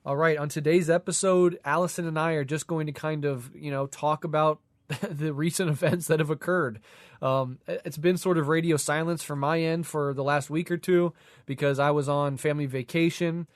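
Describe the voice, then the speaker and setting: A man's voice: fairly high pitch, fairly even intonation, normal speed, no echo, studio quality. A man co-hosting a podcast in a casual political discussion, congested from a cold, talking in a loose, rambling way with many fillers. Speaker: podcast co-host.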